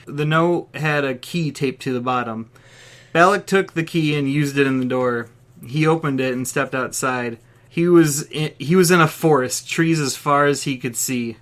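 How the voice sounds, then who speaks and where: A man's voice: a little high, moderate pace, fairly bright tone. A man hosting a podcast, reading his own comedic story aloud and laughing at his own jokes.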